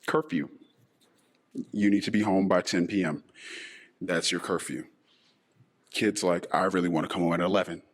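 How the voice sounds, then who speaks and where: A middle-aged man hosting a personal monologue podcast in a deliberately disguised voice, talking in an emotional, halting way with sighs. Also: low-pitched. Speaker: podcast host.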